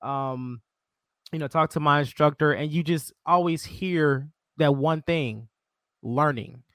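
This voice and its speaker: A man hosting a podcast in a relaxed, chatty way, dropping plenty of fillers as he tells a story. His voice is a little higher than average, and the sound is dry and close. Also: takes it slowly, dry recording. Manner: relaxed, many "you know" fillers, quotes himself. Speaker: podcast host. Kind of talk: casual chat.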